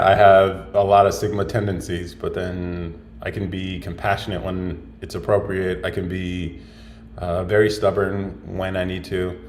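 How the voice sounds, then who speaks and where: A man's voice: sits low, a little mellow, slight background noise. A man hosting a casual livestream, rambling and thinking aloud as he answers viewer comments. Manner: rambling, musing, thinks aloud with many fillers. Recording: roomy echo.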